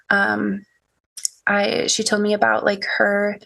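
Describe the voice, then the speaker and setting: Slow, gravelly young woman telling her story. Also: mid-range voice, monotone. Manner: halting, many restarts and soft laughs. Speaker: podcast guest. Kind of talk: emotional personal storytelling.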